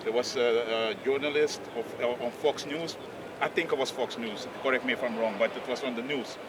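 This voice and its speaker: A man's voice: mid-range voice, brisk. A man in a casual group discussion who tells stories with animation and raises his voice to act out quoted lines. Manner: animated storytelling, acts out quoted voices loudly. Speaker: group member. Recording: distant mic, clear outdoor noise.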